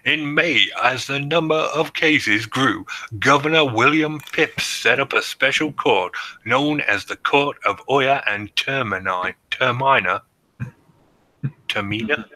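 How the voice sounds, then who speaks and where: A man's voice: medium pitch, unhurried, few pauses, pushed and bright, no echo, poor audio. A man co-hosting a podcast, reading out history notes and joking between the facts. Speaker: podcast co-host presenting research. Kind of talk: casual chat reading notes.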